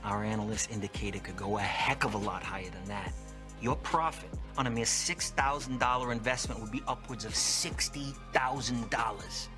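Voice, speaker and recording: An actor playing a slick stockbroker who smoothly pitches an investment to a client, in film dialogue. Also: male voice, moderate pace, natural voice. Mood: smooth confident. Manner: smooth, persuasive sales pitch. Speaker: stockbroker on a sales call. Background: music.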